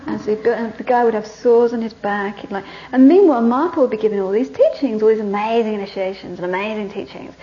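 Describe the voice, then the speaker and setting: A woman Buddhist teacher telling a story in a dharma talk, conversational, with restarts and sentences that trail off softly, on a dull lo-fi recording. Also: medium pitch, quick pace, hardly any pauses.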